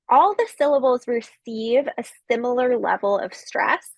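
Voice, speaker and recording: Slow, gravelly woman lecturing. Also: on the high side, dry recording. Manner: slow, explanatory, with fillers. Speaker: literature lecturer. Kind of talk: recorded academic lecture.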